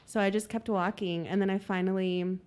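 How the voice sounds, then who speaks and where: Woman guest rambling through a dating story, casual, um and like everywhere, middle pitch. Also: fairly even intonation, brisk, a little mellow. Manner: chatty, lots of likes and ums. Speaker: podcast guest.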